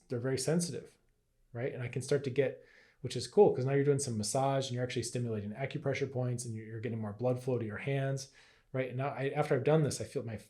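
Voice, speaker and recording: A man's voice: mid-range voice, dark tone. A man teaching in a casual, conversational way, often asking "right?" and acting out playful inner voices. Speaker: health and Qigong teacher. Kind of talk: casual teaching talk to camera.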